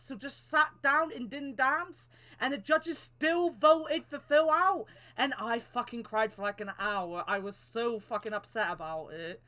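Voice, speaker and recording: A young woman with a bright, clear voice that sits a little high, chatting loosely on a podcast. She swears freely and talks openly about getting emotional. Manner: swears a lot, emotional and quick to cry. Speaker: podcast co-host. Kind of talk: casual chat.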